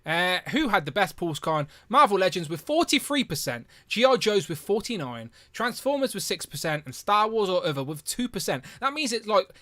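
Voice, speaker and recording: A man in his younger years hosts a relaxed live stream, jumping between viewer comments with jokey excitement. His voice is on the high side and cuts through crisply and brightly, close and dry on the mic. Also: brisk, hardly any pauses, no room sound. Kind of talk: casual live stream chat.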